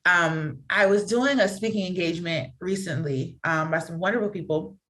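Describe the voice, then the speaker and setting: Woman, podcast guest, slightly low voice, candid, earnest, filler-heavy, animated acted-out quotes. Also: normal speed.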